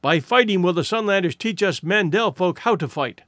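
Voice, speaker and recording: Fierce wounded warrior, boastful then grim, voiced by a man reading a storybook; high, very lively delivery. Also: normal speed, dry recording, studio quality. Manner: fierce, boastful proclamations, flat when grim.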